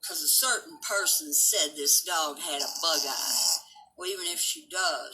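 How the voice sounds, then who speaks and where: An older woman rants on a casual live stream in a blunt, profane, gossipy way. Her voice sits a little low but has a sharp, tense, cutting edge. She greets viewers by name between her complaints. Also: measured pace, rough recording. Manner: coos baby talk at her dog.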